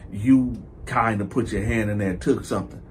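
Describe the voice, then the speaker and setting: A man voicing a calm, stern male church usher who talks quietly and firmly. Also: lowish voice, normal speed, breathy edge, pitched below the performer's own voice.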